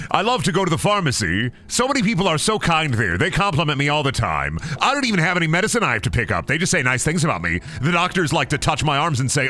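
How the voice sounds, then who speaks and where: A man streaming a game, talking in goofy, excitable, profanity-heavy commentary. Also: medium pitch. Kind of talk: casual gameplay commentary.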